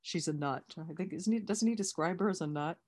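A woman's voice: lowish voice, brisk, a little mellow. A woman talking candidly and emphatically as a sponsor teaching recovery step work in a conversational workshop.

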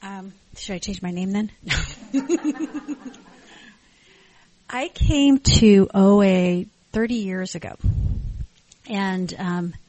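A middle-aged woman speaks to a support group in a thoughtful, searching way. Her voice sits at a middle pitch, and she often pauses, restarts and adds "um"s. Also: darkish tone, poor audio. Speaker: support group member sharing. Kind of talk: personal testimony at a group meeting. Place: meeting room with a group.

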